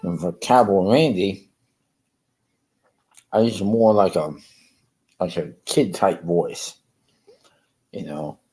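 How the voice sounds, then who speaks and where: A man talks slowly into his streaming mic in a deep, low voice. His chat rambles, with frequent ums and restarts. He often breaks off with a chuckle before he goes on. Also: warm tone, poor audio. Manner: chuckles often between thoughts. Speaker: live streamer and ventriloquist. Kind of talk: casual live-stream chat.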